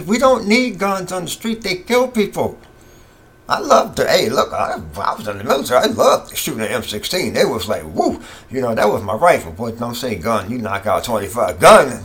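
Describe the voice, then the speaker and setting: A man's voice: mid-range voice, fairly bright tone. Impassioned middle-aged man ranting. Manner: impassioned, ranting, repeats himself. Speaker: political commentator. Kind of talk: casual opinion monologue.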